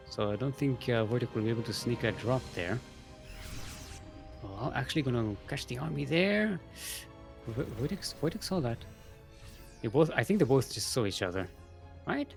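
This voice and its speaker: A man casting a live strategy game match, chatty and self-mocking with trailing fillers. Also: medium pitch. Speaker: esports caster.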